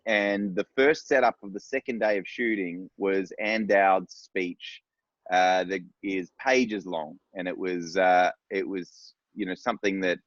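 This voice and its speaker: A low-pitched man talks through a long anecdote in a loose, rambling way, restarting his sentences. The sound is dry and a little dull, as on a video call. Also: fairly even intonation, a little slow, no echo. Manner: rambling, warm storytelling with restarts. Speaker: director on a panel. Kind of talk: casual panel discussion.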